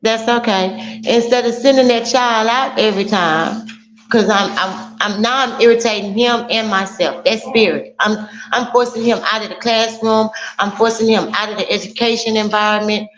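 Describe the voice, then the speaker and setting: A woman's voice: a little high, fairly even intonation, moderate pace. A woman calling in to a casual debate, explaining her view at length with examples. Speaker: caller. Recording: echoey, dull lo-fi line with faint noise.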